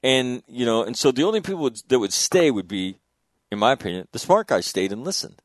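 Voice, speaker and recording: A man's voice: medium pitch, very animated, fairly quick, no echo, clean studio sound. A man hosting a talk radio panel, emphatic and profane, often stacking repeated words as he pushes a point. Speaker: radio show host. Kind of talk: casual panel discussion.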